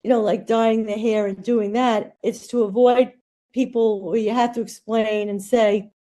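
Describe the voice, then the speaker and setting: An American nurse guests on a podcast, telling stories candidly in a blunt, rambling way full of fillers. Her mid-range voice is mellow and steady, moving at a normal pace.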